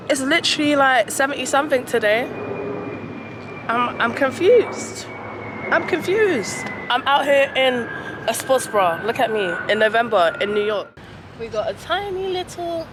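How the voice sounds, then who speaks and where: A woman's voice: a little high, noisy background. A young woman chatting playfully to a handheld camera as she vlogs her day, often laughing at herself. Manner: playful, giggly, self-amused. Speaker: lifestyle vlogger. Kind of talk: casual vlog chat to camera. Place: city garden and indoors. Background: music playing.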